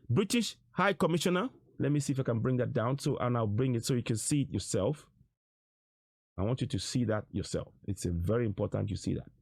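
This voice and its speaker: A man's voice: mid-range voice, no echo, clean studio sound. A man giving emphatic online commentary on material shown on screen, repeating his rhetorical questions and phrases. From Nigeria. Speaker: political commentator.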